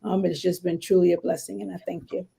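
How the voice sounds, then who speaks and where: A woman's voice: flat delivery, quick pace, creaky, husky, low-quality recording. A woman launching a clothing boutique, speaking in an upbeat, enthusiastic way on an online panel. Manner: upbeat, warmly enthusiastic pitch. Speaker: panel guest, boutique owner. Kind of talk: casual online panel chat.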